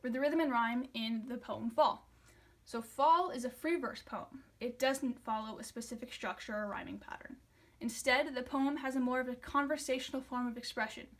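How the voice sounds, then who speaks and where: A young woman presents a poem analysis for a class project. Her voice sits a little high. She reads from a script and stumbles into fillers and restarts when she explains. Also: normal speed, a bit bright. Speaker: student presenter.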